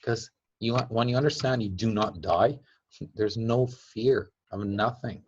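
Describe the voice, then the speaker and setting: A man gives a casual talk as a teacher. His voice sits fairly low and he laughs between points, acting out little quotes. The recording is dull and lo-fi. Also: unhurried, slightly rough. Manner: chatty, laughs often, acts out quotes. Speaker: teacher of a device-building group. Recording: dull lo-fi sound.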